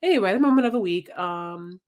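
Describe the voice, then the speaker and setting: A woman's voice: fairly low pitch, expressive, brisk. Chatty woman podcast co-host. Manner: chatty, laughs often, acts out quoted lines. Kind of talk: casual chat.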